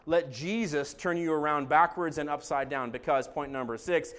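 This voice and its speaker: A man with a noticeably high voice preaches to his congregation. He drops into hushed, intimate stretches, then rises to full shouts when the text moves him, dramatic and fervent throughout. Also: normal speed. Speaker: pastor.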